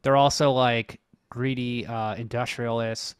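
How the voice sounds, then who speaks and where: A man's voice: medium pitch, steady tone, a little slow, smooth, dry recording, studio quality. A young man co-hosting a podcast, bluntly recapping a movie plot in casual, profane chat. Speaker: podcast co-host.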